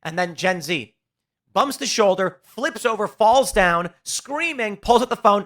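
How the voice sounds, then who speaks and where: A man's voice: high-pitched, lively intonation, unhurried, fairly bright tone. A man hosting a political commentary show, talking in an emphatic, sarcastic ranting way. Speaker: host.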